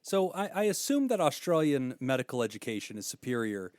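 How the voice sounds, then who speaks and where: A man's voice: mid-range voice, big pitch swings, a little fast, a little mellow, no echo. An American man co-hosting a podcast, joking and hamming through the guest introduction in casual banter. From United States. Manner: goofy, joking, hammy. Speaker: podcast co-host.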